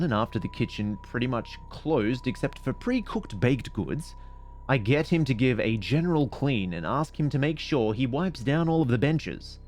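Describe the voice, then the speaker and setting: A man reads stories aloud and comments on them during a stream, rambling off on digressions and poking fun at himself. His voice sits at a middling pitch but swings widely as he goes. Soft music plays faintly in the background. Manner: animated, digressive, self-mocking. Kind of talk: casual commentary and story reading.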